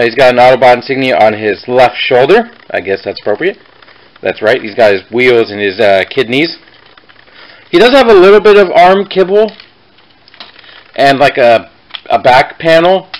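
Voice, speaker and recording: A man's voice: mid-range voice, rough recording. A young man casually reviewing a toy on his vlog, rambling and correcting himself mid-sentence with chatty asides.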